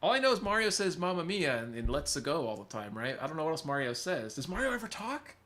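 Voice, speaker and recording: A man's voice: a little high, big pitch swings, fast, fairly bright tone. A man from California's Central Valley hosting a casual livestream, rambling, laughing often and reading chat aloud. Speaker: livestream host and musician.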